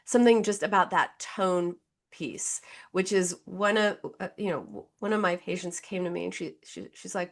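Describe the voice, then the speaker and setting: A woman guest, a therapist, giving conversational advice in an animated way and acting out the voices she quotes. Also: fairly low pitch, moderate pace. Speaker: psychotherapist guest.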